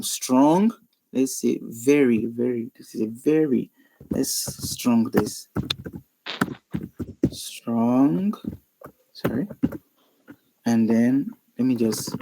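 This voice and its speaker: A man's voice: mid-range voice, a little mellow, rough recording. A man teaching web coding in a screen-recorded tutorial, chatty and thinking aloud with frequent ums and self-corrections.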